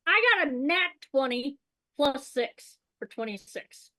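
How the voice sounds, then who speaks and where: A woman with a somewhat high voice plays a tabletop game. She calls out rolls and attacks briskly and matter-of-factly. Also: lively intonation, bright, forceful tone. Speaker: player.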